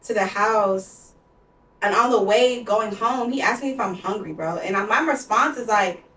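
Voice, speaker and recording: A woman's voice: medium pitch, moderate pace, fairly bright tone. A young woman in her twenties, a podcast co-host, telling a personal story in a candid, emotional way, with heavy use of "like.". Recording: roomy sound, distant from mic.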